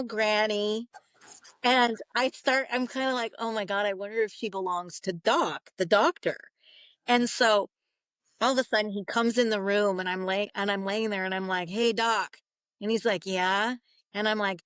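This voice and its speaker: A woman's voice: medium pitch, a bit bright, clean tone, dry recording. A woman, a psychic medium guest, telling a story in an interview, acting out the voices she quotes and laughing often.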